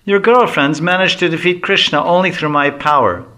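Guy putting on a whiny jester voice, young brahmin boy, cocky and always hungry, bright and pitched up. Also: moderate pace. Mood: indignant.

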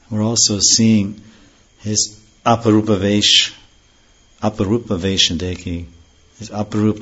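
Deep, flat-voiced man giving a devotional lecture. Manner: chants verses slowly, then explains them earnestly. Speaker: spiritual teacher. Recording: dull lo-fi recording.

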